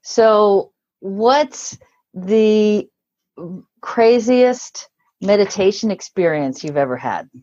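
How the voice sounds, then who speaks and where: A woman's voice: medium pitch, expressive, extremely slow, dark tone, lo-fi sound. A woman interviewing a guest in a casual chat, encouraging her and playfully echoing her words.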